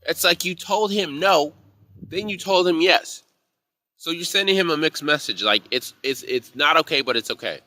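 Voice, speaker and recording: A man's voice: a little high, lively intonation, moderate pace, pushed and bright. A man teaching a casual live class on intuition, telling rambling, profane stories from his bar job in a heated way.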